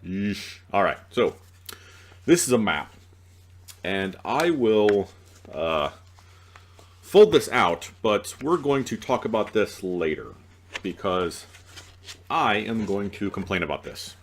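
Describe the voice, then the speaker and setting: A man's voice: fairly low pitch, big pitch swings, slow, long pauses, slight background noise. A man hosting an unboxing video, chatting casually and joking at himself, groggy after a night out and stumbling over his reading. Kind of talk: casual rambling unboxing talk.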